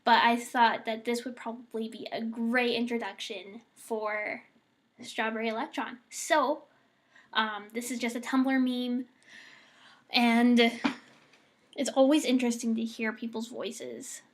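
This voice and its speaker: Chatty young woman from the us, kinda high voice, takes her time with words. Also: steady tone, a little slow. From United States. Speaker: vlogger. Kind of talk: casual accent-challenge vlog.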